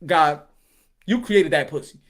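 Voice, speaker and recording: A man's voice: fairly high pitch, expressive, unhurried. A man hosting his boxing channel, delivering a rambling comedic rant full of laughter, swearing and preachy asides.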